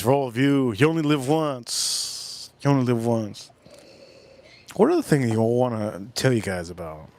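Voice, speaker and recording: A man's voice: mid-range voice, a little mellow. Rambling man chatting on a live stream. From South Florida. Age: adult, older than in his youth. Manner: rambling, talks straight to chat, repeats himself. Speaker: livestream host. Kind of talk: casual live-stream chat.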